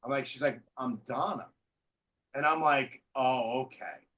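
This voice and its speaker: A man's voice: mid-range voice, a little slow. A man hosting a podcast, telling stories in casual chat with lots of swearing. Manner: animated storyteller, swears freely. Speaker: podcast host.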